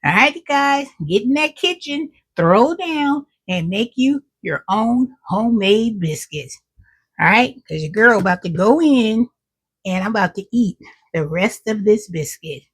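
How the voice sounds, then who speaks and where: A woman's voice: medium pitch, lively intonation, a little slow, fairly bright tone, husky. A middle-aged woman hosting her own cooking vlog, chatting with viewers while she tastes her food. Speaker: cooking vlogger. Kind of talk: casual cooking vlog chat.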